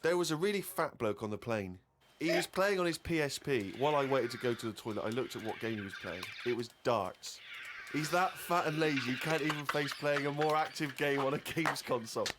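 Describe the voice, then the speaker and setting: A man reads a friend's diary aloud on a comedy chat show, deadpan between bursts of laughter. His voice sits at a middle pitch. There is noticeable hiss on the recording. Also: brisk. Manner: dry, deadpan reading broken by laughter. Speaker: co-host reading a diary aloud. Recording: noisy studio recording.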